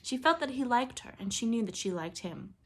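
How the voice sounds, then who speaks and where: Lady reading an old kids' novel aloud, even and expressive. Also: on the high side, a little fast, a little hiss or hum. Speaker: audiobook reader. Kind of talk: storybook narration.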